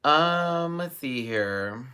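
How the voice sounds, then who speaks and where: A young man hosting a live stream, reading viewer comments and chatting casually, with sudden high exclamations and bursts of laughter. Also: expressive, drawn-out words, pushed and bright, clean tone.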